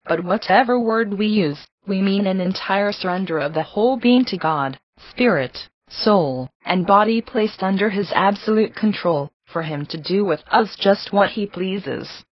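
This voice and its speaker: A woman reading a devotional book aloud in a measured, earnest and reverent way. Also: mid-range voice, husky, dry recording. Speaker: reader. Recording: slightly dull, lo-fi recording.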